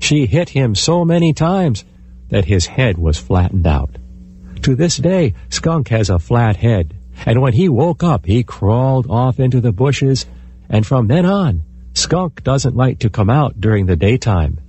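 A male storyteller telling an animal folktale in a husky voice with a lively, wide-ranging pitch. His delivery is expressive and animated throughout. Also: a little slow.

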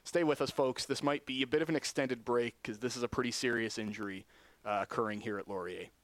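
A man's voice: mid-range voice, fairly even intonation, no echo. Man calling live football. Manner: upbeat, quick play-calling, turns somber and shaken after an injury. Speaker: play-by-play commentator.

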